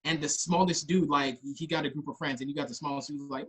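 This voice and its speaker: A young man from Los Angeles co-hosting a comedy podcast in casual chat, animated and acting out people he describes. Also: quick pace, breathy edge, poor audio. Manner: animated, acts out people in loud high voices. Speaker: podcast co-host.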